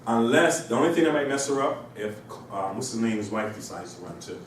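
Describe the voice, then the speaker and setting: A man's voice: mid-range voice, expressive, brisk, far from the mic, a little hiss or hum. Rambling man lecturing in an echoey classroom. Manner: rambling, asks rhetorical questions. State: has a cold. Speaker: instructor. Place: university classroom.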